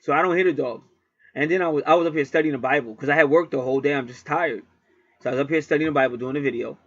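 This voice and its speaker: A man's voice: on the high side, racing, no echo, muffled recording. A man at home telling a rambling story in a casual monologue, swearing freely and repeating himself. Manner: profane, rambling, repetitive. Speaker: channel host.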